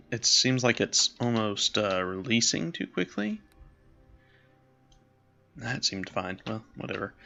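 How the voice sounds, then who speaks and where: A let's play host with a mid-range, bright voice, vocal fry and a forceful tone casually comments while playing a role-playing game. He muses aloud, voices characters and makes self-deprecating asides, on slightly dull lo-fi audio.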